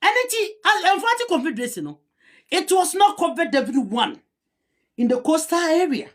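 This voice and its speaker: A woman's voice: very high voice, sing-song, moderate pace. A woman with a Ghanaian accent giving heated commentary, rebutting a historian and switching between a local language and English. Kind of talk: argumentative commentary.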